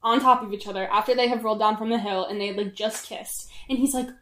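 A woman's voice: mid-range voice, fairly even intonation, fast talker, fairly bright tone, a little hiss or hum. A woman co-hosting a podcast, chatting casually about a film and peppering her talk with "like". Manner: chatty, full of "like" asides. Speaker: podcast co-host. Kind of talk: casual movie-review chat. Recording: roomy echo.

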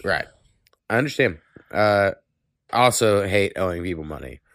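A man's voice: sits low, lively intonation, normal speed, fairly bright tone, no room sound, studio quality. A man hosting a podcast, talking in casual chat, rambling and swearing freely while congested with a cold. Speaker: podcast host.

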